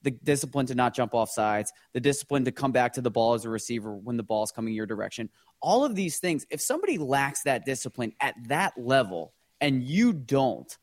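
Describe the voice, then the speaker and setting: A man's voice: medium pitch, big pitch swings, a little fast, hardly any pauses, no echo, studio quality. A man as a guest on a podcast, building his questions step by step in a thoughtful way. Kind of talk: podcast conversation.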